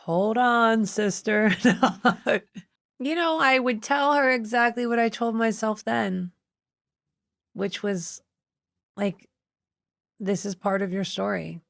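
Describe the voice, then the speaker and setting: A woman's voice: on the high side, slow, vocal fry, long pauses, no echo, studio quality. A woman guest on a podcast, telling a personal story with feeling and acting out the voices of people in it. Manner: expressive, acts out other people's voices in her story. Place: podcast studio.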